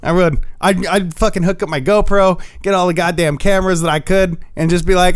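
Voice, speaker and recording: A man's voice: sits high, steady tone, a little fast, few pauses, no echo. A man co-hosting a podcast in casual, profane banter, acting out scenes as he tells them. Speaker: podcast co-host.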